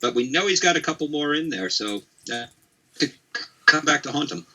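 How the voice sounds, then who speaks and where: A man's voice: fairly high pitch, animated, normal speed, pushed and bright, poor audio. A man casually commentating a card game tournament, chatty and rambling, with jokes along the way. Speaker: esports commentator.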